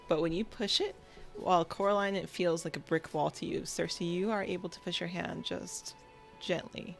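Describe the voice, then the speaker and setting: A woman's voice: fairly low pitch, steady tone, moderate pace, gravelly, soft background music. A woman narrating as game master, playful and describing scenes with sound effects.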